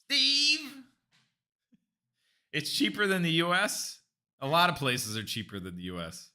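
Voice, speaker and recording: Bright-voiced rambling man streaming. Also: medium pitch, very animated, normal speed, smooth. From United States. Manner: rambling, talks straight to chat viewers. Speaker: live stream host. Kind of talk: casual live stream chat.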